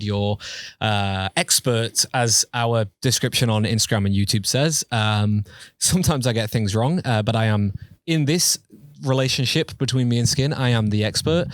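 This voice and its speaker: A man's voice: medium pitch, no room sound, clean studio sound. A man hosting a casual podcast, chatty and self-mocking, often laughing. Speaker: podcast host.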